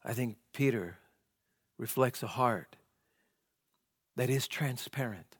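A pastor preaching a sermon, asking rhetorical questions and swinging from loud emphasis to hushed tones. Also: male voice, mid-range voice, slow pace, pauses often, slightly rough, dry recording, clean studio sound.

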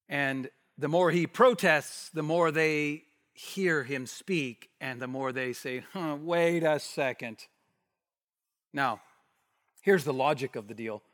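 A man preaching an expository sermon, animated, acting out the voices in the passage he reads. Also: a little high, in a large hall. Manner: animated, acts out the bystanders' challenge.

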